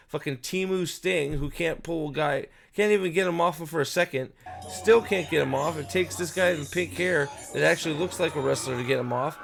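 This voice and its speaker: A man's voice: a little high, gravelly. A man giving casual, profane video commentary as host, ranting in an exasperated way with frequent restarts.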